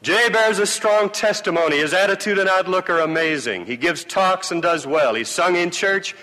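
Bright-voiced man speaking in a reverberant hall. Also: sits high, moderate pace. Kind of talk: sermon address.

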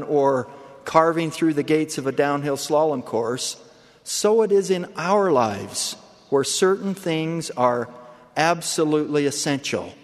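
A man giving an earnest, measured sermon as a church leader, speaking with deliberate pauses. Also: a little high. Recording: long hall reverb.

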